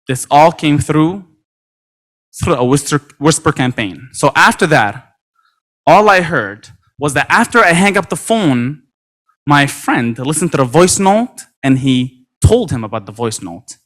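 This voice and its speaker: A man giving an energetic motivational talk at a convention, acting out quoted dialogue with lots of repetition. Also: a little high, unhurried. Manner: animated, acts out quoted dialogue, many repetitions. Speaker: motivational speaker. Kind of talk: energetic storytelling speech. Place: convention stage.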